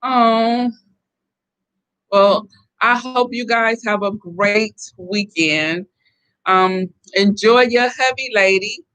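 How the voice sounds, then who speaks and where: A middle-aged woman from the Southern United States hosts a relaxed live stream. Her voice is bright and forceful as she chats away in an animated, talkative manner. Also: mid-range voice, slow, smooth. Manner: chatty and animated, laughing often. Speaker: host reading viewer comments. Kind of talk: casual live-stream chat.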